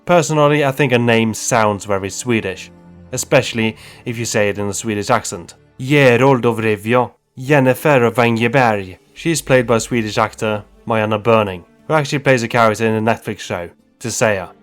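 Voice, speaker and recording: A man's voice: fairly low pitch, a little fast, clean tone, faint music behind. A man narrating a humorous video game story recap with wry, joking asides. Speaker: YouTube narrator.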